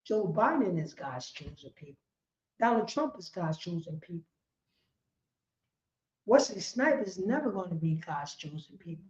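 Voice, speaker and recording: A woman with a New York accent teaching a religious class in a loud, impassioned street style, shouting and swearing as she speaks. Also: fairly low pitch, big pitch swings, moderate pace, pauses often. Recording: roomy, dull lo-fi stream audio.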